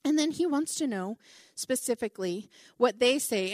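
A middle-aged woman preaching a conversational Bible teaching, animated and chatty, with many asides and "like"s. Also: fairly high pitch, normal speed, dry recording, clean studio sound.

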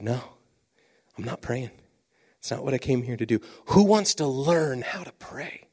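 A man preaching a sermon, telling a story with lively swings from loud exclamations to hushed asides. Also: fairly high pitch.

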